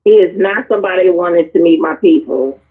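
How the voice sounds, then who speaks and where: A woman's voice: fairly low pitch, brisk. A candid woman telling frank personal stories in loose, casual chat, recorded over a tinny, phone-like line. She is a guest on a discussion panel. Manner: candid, animated storyteller.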